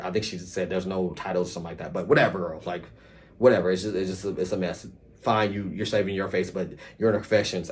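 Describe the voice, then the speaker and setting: A man casually recapping a reality TV episode, chatty and animated, acting out quotes and swearing freely. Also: low-pitched.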